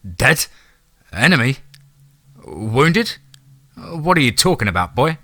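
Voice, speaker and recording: A man voicing a gruff grown firefighter who talks in a brusque, demanding way. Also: medium pitch, sing-song, slow pace, pushed and bright, no echo, full character voice.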